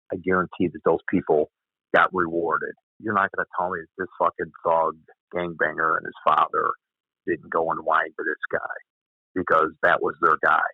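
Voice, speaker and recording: A man with a very low, gravelly voice and a husky, rough edge, telling stories bluntly and profanely. The sound is thin and tinny like a phone line, with no room in it. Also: no echo. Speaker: former police officer. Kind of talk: candid interview storytelling.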